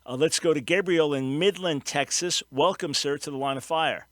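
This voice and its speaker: A man hosting a call-in radio show, voice pitched a little high and recorded very dry. He explains each point earnestly, pressing hard on the key words. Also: moderate pace, dry recording.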